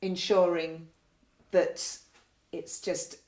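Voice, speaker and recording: A nurse explaining care to health staff in a gentle, patient way, often ending points with tag questions. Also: female voice, on the low side, level tone, extremely slow. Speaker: community learning disability nurse. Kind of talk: training talk with role-play. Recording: roomy echo.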